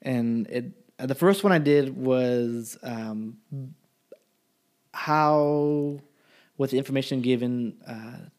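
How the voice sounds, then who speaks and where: A man's voice: mid-range voice, a little mellow. Rambling, foul-mouthed young man. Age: young adult. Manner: rambling and profane. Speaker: college student. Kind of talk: casual chat.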